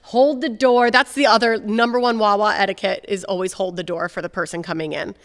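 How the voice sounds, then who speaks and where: A woman's voice: mid-range voice, steady tone, a little fast, big-room sound. A woman co-hosting a TV advice show, chatting and telling stories with animation. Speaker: co-host. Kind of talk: casual chat.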